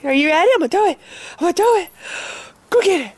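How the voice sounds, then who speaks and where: A woman's voice: very high-pitched, lively intonation, quick pace, a little mellow. A woman talking baby talk to her dog into a camcorder, coaxing and repeating praise in a sing-song way. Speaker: dog owner.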